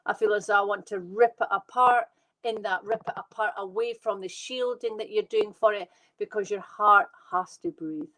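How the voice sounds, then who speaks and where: A woman working as a medium, giving live readings to viewers in an excitable, fast, reassuring way. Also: medium pitch, low-quality recording. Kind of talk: live online psychic reading.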